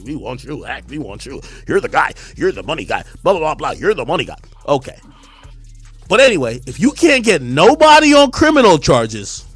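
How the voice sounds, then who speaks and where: A man delivers a heated, defiant rant, hammering his points over and over. His voice sits high and swings widely, and the recording is close and dry with faint music beneath. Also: a bit bright, no echo. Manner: defiant, repetitive, emphatic. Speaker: streamer commentator.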